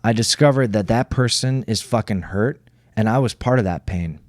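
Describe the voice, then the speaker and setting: A man's voice: lowish voice, moderate pace, no echo, studio quality. A man co-hosting a podcast in casual chat, earnest and reflective, swearing freely and tagging his points with "right?". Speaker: podcast co-host.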